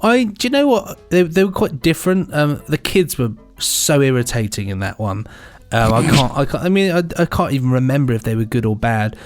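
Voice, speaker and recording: A man's voice: medium pitch, big pitch swings, brisk, few pauses, soft background music. An English man co-hosting a podcast, chatting enthusiastically and laughing often. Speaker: podcast co-host. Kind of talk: casual chat.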